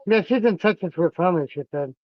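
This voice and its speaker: A man's voice: high-pitched, expressive, fast, no room sound, dull audio. A man hosting a casual livestream, chatting with viewers while doing a fiddly craft and swearing often. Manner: profane, grumbling, greets chat viewers. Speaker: livestream host.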